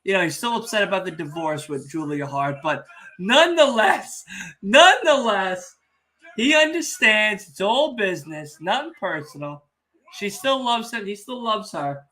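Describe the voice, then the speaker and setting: His voice sits high and his speed is normal as this young man hosts a casual wrestling watch-along podcast. He's excitable in his storytelling, swears liberally, and teases the people in chat.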